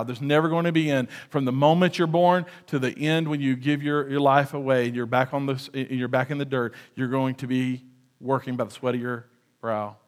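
A man preaching a sermon as pastor, animated, with shouted quotes and joking asides. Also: mid-range voice.

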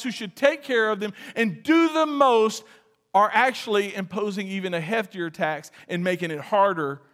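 A man with a Texan accent preaching a sermon, telling stories animatedly and acting out quoted lines with humor. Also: very high-pitched. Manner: animated storytelling, acts out quotes, jokes with the congregation. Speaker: pastor. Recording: reverberant hall.

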